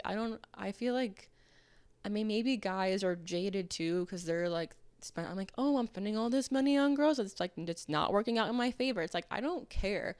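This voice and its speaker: Chatty young woman with a smooth voice. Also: medium pitch, a little mellow, no echo. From Arizona, US. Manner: chatty and candid, heavy "like" filler, acts out quoted people. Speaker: podcast host. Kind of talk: casual solo podcast monologue.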